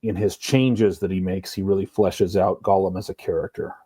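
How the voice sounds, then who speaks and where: A man co-hosting a podcast, talking through a book in a thoughtful, measured way. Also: low-pitched, steady tone, dark tone, breathy edge, no echo. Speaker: podcast co-host. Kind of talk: casual book discussion.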